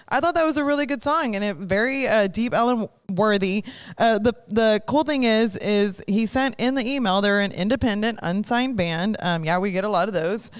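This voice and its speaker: A woman's voice: a little high, smooth. Chatty woman radio host. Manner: chatty, rambling, self-correcting. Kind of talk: casual chat. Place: live broadcast studio.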